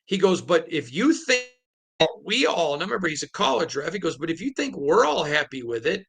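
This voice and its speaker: A man's voice: on the high side, very animated, brisk, vocal fry, a bit bright, slightly rough. A man hosting a sports podcast, talking alone in an emphatic storytelling manner and retelling conversations. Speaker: podcast host. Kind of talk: solo sports podcast commentary.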